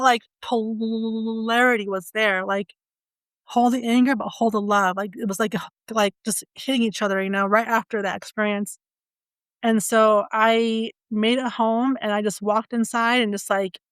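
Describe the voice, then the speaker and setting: A middle-aged woman telling a personal story as a podcast guest, halting often with stutters and fillers like "you know" and "like". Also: medium pitch, clean tone, no echo.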